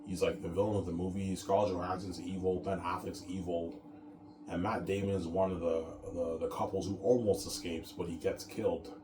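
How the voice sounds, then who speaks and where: A man's voice: deep voice, flat delivery, fairly quick, echoey room, noisy background. A man hosting his own show in a casual, rambling monologue, repeating himself and tagging his sentences with "man.". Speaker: show host.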